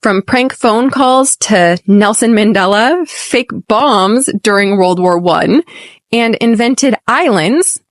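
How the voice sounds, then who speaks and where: An American woman hosting an English lesson podcast, speaking clearly and deliberately and modeling phrases slowly for repetition. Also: fairly high pitch, no room sound, studio quality. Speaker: podcast host and English teacher.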